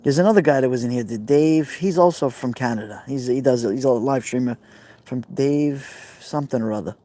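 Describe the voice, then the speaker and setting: A man's voice: medium pitch, a little fast, warm tone. A man with a Brooklyn accent, live streaming outdoors by a fire pit, rambling casually and answering viewer comments. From New York.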